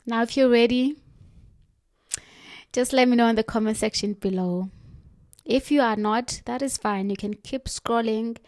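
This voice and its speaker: A woman giving a motivational self-help talk, earnest and direct, slowing down for firm emphasis. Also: on the high side, darkish tone, no echo, studio quality.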